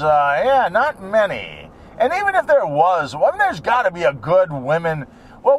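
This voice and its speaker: A man's voice: high-pitched, a little hiss or hum. A man delivering a rambling, crude, joking monologue with frequent chuckles and wandering asides.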